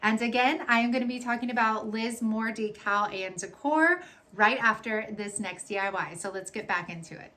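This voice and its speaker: A woman's voice: a little high, normal speed, sharp tone. A young woman host of a craft channel, narrating a do-it-yourself tutorial in a chatty, rambling way, full of "like" and "y'all". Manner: bubbly, rambling, lots of "like" and "y'all".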